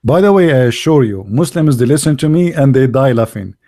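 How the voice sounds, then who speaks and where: A man's voice: medium pitch, lively intonation, dark tone, no room sound, studio quality. Sarcastic man mocking in a monologue. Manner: mocking, sarcastic, halting with fillers. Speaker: online religious debater. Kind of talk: casual monologue.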